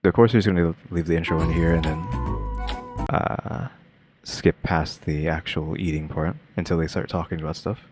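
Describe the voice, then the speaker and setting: A man's voice: sits low, steady tone, moderate pace, over music. A man streaming a reaction video, talking casually and rambling with lots of fillers and restarts. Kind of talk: casual commentary.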